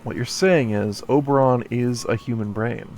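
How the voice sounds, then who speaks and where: A man's voice: mid-range voice, normal speed, a little mellow. A man streaming a video game live, commenting playfully and joking back at the characters. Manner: playful, jokey, talks to the game.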